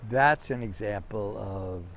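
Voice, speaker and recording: A man's voice: fairly low pitch, slow pace, a bit bright, slight background noise. A man telling long anecdotes in a conversational interview, rambling with fillers and restarts. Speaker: interview guest. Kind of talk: conversational storytelling.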